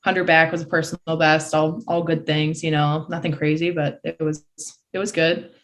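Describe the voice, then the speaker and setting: A woman in her early twenties from Michigan, a guest excitedly retelling a race in a casual voice full of "like" fillers. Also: sits low, moderate pace. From Michigan, USA. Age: early 20s. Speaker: podcast guest, college swimmer. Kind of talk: casual storytelling.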